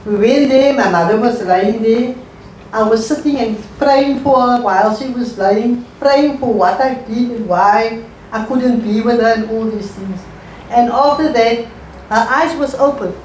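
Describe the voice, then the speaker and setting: A middle-aged woman, an interview guest telling her life story in a halting, emotional way and repeating phrases. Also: on the high side, a little mellow. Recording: echoey room, voice far from mic, faint noise.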